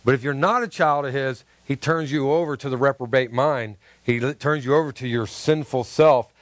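A man's voice: mid-range voice, normal speed, dry recording. A man from the American South preaching a sermon as pastor, talking earnestly, repeating words and calling his listeners "guys".

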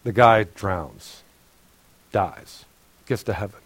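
A man, a pastor, giving a sermon in a casual, conversational storytelling way, often clearing his throat and laughing with the congregation. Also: fairly high pitch, normal speed, long pauses, fairly bright tone, dry recording.

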